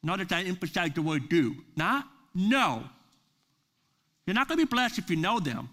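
An earnest pastor delivers a sermon at a church service. His voice sits a little high for a man, and he leans hard on key words as he builds his points. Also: animated, moderate pace, bright, forceful tone.

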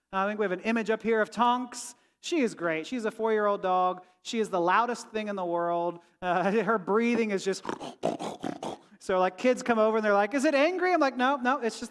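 High-voiced man preaching in an echoing hall. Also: fairly bright tone. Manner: conversational preaching, asks the room "right?". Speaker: pastor. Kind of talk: sermon. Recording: long reverb of a large hall.

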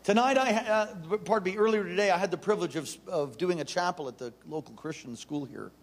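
Intense middle-aged male preacher with a high, bright voice, animated storytelling sermon. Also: fairly quick, creaky.

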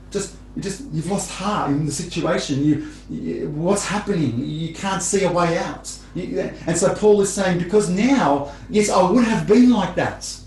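A man preaching a sermon to his congregation. He talks in a conversational way, repeats phrases and gets animated when he tells stories. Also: high-pitched, reverberant, a little hiss or hum, rough recording.

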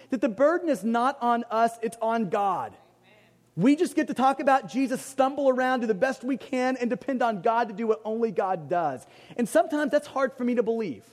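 A pastor preaching a conversational sermon. He jokes at his own expense and drives points home by repeating them. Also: extremely high pitch. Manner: conversational, self-deprecating, emphatic repetition. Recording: long hall reverb.

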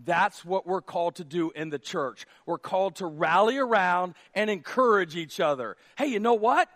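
A male pastor preaching a sermon from a church stage, with a conversational manner that moves from a hush to near shouts. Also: high-pitched, normal speed. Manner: conversational, drops to a hush for acted dialogue, then rises to near shouts.

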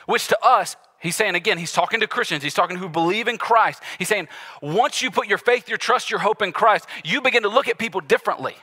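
A man delivering a sermon with a bright, forceful voice and a slightly higher pitch. He talks to the congregation conversationally, then bursts out loudly. The voice rings with a long hall reverb. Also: a little fast. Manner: animated, conversational preaching with sudden loud bursts. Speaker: pastor.

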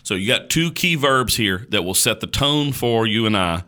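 A man's voice: lowish voice, lively intonation, normal speed, bright, forceful tone. A male podcast host preaching on a Bible passage in an emphatic, repetitive, colloquial way.

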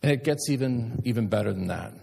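Husky pastor preaching in echoing church. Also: male voice, mid-range voice, fast. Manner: storytelling, animated emphasis. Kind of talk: sermon. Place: church sanctuary. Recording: long church hall reverb.

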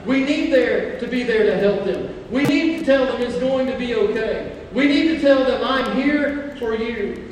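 A male pastor preaching a sermon, slowing down to stress key phrases and mixing scripture with stories about his own family. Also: very high voice, background noise. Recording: echoey hall, mic far off.

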